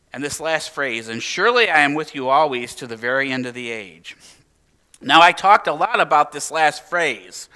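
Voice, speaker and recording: A man preaching a sermon as pastor, swinging from emphatic, raised exclamations to quiet, hushed lines. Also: medium pitch, smooth. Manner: animated preaching with emphatic rises and hushed drops.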